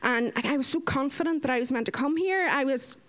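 Woman telling a lively story. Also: high-pitched, fast. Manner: lively, animated retelling with acted-out quotes. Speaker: nurse. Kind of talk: casual storytelling.

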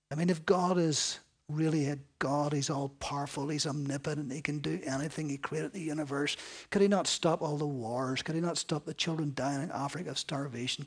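Male preacher, slightly high voice, earnest expository sermon with dramatic soft-loud swings. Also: slightly rough. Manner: earnest, dramatic shifts between loud emphasis and soft hushed lines.

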